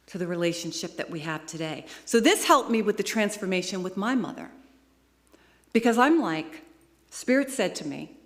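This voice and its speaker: Woman preaching in an echoing hall. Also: fairly low pitch. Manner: emotional storytelling, rising to excited peaks. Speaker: guest speaker. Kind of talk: sermon. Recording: long hall reverb.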